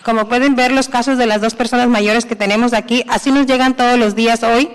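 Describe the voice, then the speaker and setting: A woman from a tenants' union giving earnest public comment, pausing for her interpreter. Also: on the high side, steady tone. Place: city council chamber. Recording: long echo in a council chamber.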